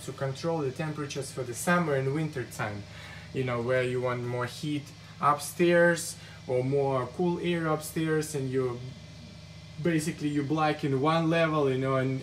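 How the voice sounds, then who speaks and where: A man whose first language is not English, walking through an air duct cleaning job inside a house, speaking haltingly and searching for words with many restarts. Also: medium pitch, a little hiss or hum. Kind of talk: walkthrough narration on the job.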